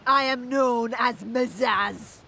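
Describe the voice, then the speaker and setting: An actress playing a gruff female orc bounty hunter in a video game, curt and threatening. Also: fairly high pitch, slow pace, pushed and bright, slight background noise, exaggerated voice.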